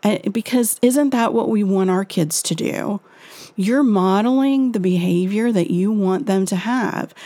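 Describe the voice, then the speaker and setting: A woman, a parenting author, giving gentle and reassuring advice to parents in a monologue. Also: medium pitch, unhurried, no echo.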